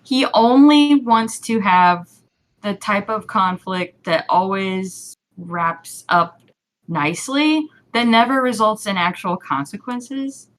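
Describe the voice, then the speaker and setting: A woman co-hosting a casual chat, chatty and adding points with quick asides. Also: medium pitch. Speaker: podcast co-host.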